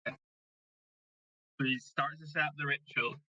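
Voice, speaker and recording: A man's voice: fairly high pitch, steady tone, normal speed, bright, forceful tone, dry recording, dull audio. A man narrating as game master of a tabletop role-playing game, telling the story steadily and quoting characters plainly.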